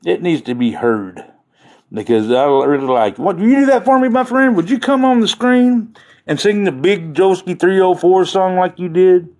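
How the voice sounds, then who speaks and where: A man's voice: high-pitched, moderate pace, a little mellow. Rambling, jokey man live streaming. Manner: rambling, jokey, talks to chat viewers. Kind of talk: casual live-stream chat.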